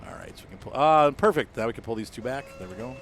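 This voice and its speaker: A man's voice: medium pitch, lively intonation, fast, vocal fry, slight background noise. A young American man chatting casually with viewers while playing a game, rambling with lots of fillers. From United States. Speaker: streamer. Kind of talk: casual gameplay chat with viewers.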